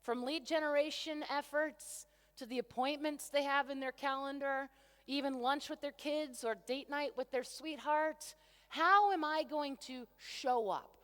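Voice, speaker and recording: Woman motivational coach, high voice, enthusiastic, crowd-facing, long hall reverb. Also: a little slow. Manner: enthusiastic, talks to the crowd, rhetorical questions. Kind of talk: energetic conference keynote. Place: large convention centre hall.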